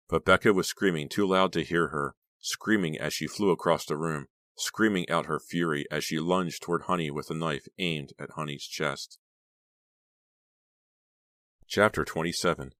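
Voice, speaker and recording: A man's voice: deep voice, normal speed, a bit bright, dry recording, clean studio sound. A man narrating a horror novel as an audiobook, in a dramatic, suspenseful reading. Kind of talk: scripted narration.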